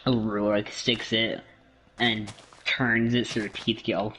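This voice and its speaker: A man's voice: fairly low pitch, little pitch movement, a little slow, pushed and bright, a little hiss or hum, low-quality recording. A man from Canada in a casual gaming chat, joking, teasing and rambling.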